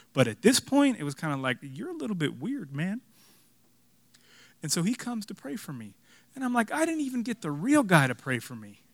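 A young man preaching a sermon, telling a personal story with animated, self-mocking humor before closing with a call to prayer. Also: fairly high pitch, dry recording. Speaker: pastor.

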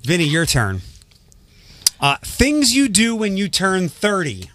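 A man hosting a radio show, brisk and quick to laugh as he runs a quick-fire game. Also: high-pitched, huge pitch swings, a bit bright, no room sound. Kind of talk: casual studio banter.

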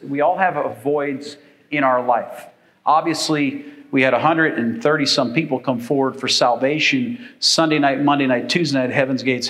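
A man's voice: medium pitch, a bit bright, poor audio. An older man preaching a sermon as pastor, folksy and rambling, with frequent fillers.

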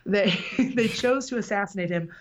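A woman's voice: medium pitch, moderate pace. A woman hosting a casual chat, telling a story in a rambling way and laughing often. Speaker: podcast host.

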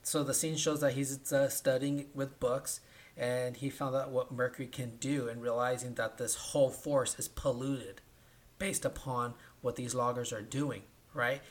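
A man co-hosting a casual podcast, retelling a film plot in an animated way, acting out the characters' lines and often asking "right?". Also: medium pitch, normal speed. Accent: Californian. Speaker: podcast co-host. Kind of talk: casual movie recap chat.

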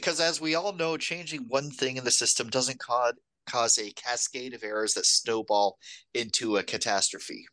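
Female podcast co-host, bright tone, dry close sound, wry quick reactions. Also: rumbling low, dry recording. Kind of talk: casual film-recap chat.

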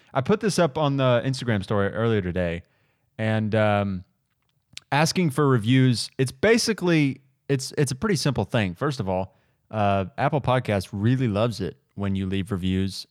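His voice is mid-range, and the clean studio recording has no echo. The man is a podcast host chatting casually, quick to laugh and prone to ramble a little.

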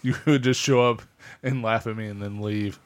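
A man co-hosting a casual chat with sarcastic, deadpan jokes. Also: on the low side, normal speed. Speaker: podcast co-host.

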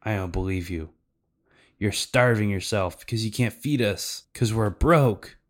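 A man's voice: lowish voice, measured pace, lightly acted. A man voicing a cheeky, blunt older sister in a cartoon recap.

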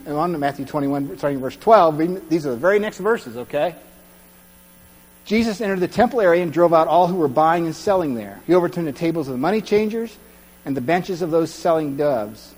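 High-voiced man preaching in a reverberant hall. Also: expressive, quick pace, a little mellow. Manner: conversational preaching, acts out crowd voices, checks in with "okay?". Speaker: pastor. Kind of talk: sermon.

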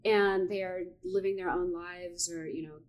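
A woman's voice: lowish voice, steady tone, normal speed. A woman in her forties co-hosting a podcast, chatting casually in a supportive, reflective way. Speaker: podcast co-host. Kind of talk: casual chat.

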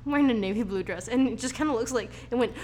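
A woman's voice: on the high side, racing, a little mellow, a little hiss or hum. Joking woman co-hosting a podcast. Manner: joking, self-deprecating, swears casually. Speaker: podcast co-host. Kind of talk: casual podcast chat.

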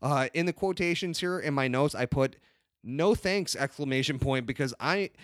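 A man's voice: fairly high pitch, moderate pace, no echo, studio quality. Ranting, cursing podcast man. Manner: loud, swears constantly, ranting. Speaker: podcast co-host. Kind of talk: profane comedic podcast banter.

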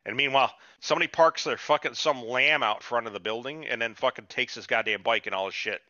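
A man rambles through a story on a podcast, swearing freely and jumping his pitch up whenever he quotes a character. His voice has a bright, forceful edge. The recording is dry and slightly muffled. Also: fast talker, dry recording. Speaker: podcast co-host. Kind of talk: casual chat, retelling a TV episode.

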